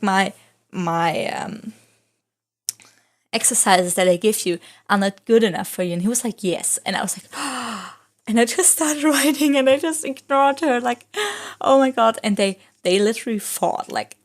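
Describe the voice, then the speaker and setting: A young woman, a non-native English speaker, chatting casually in a rambling voice-over, full of "like" fillers as she tells stories. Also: on the high side. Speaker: vlogger.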